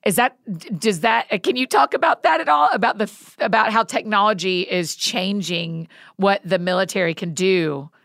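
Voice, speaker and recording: A woman hosts the interview in a chatty, bubbly way, teasing herself as she goes. Her voice sits at a middle pitch and is recorded dry and close. She talks loudly and asks warm follow-up questions. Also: normal speed, vocal fry, few pauses, dry recording. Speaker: podcast host. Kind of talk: casual interview chat.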